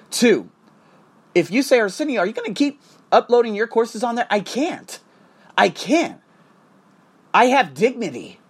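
A man hosting a podcast, ranting heatedly with lots of swearing and repeated phrases. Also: sits high. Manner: heated, profane, repetitive ranting. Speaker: podcast host. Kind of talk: angry podcast rant.

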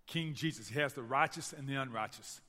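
A man with a Southern US accent from Tennessee, preaching a sermon and telling stories to his church in an animated way. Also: mid-range voice, brisk, big-room sound. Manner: storytelling, animated, addresses the church directly. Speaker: pastor. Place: church sanctuary.

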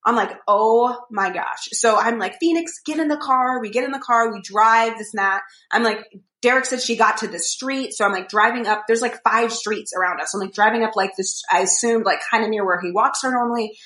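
A woman's voice: fairly high pitch, fairly even intonation, a little fast, fairly bright tone, reverberant. A young woman in casual podcast chat, telling a rambling story full of fillers and acted-out quotes. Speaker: podcast co-host.

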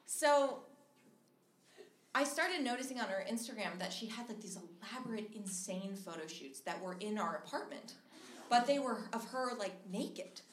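A woman's voice: medium pitch, moderate pace. A young woman from Minnesota telling a funny story live on stage, chatty and laughing as she goes. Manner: chatty, animated, laughs through her story. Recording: echoey live room with loud background noise.

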